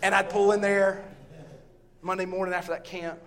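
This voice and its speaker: Loud Southern preacher, high voice. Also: male voice, level tone, normal speed. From Southern US, Texas. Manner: loud, storytelling, swings between shouting and quiet asides. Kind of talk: sermon. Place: church.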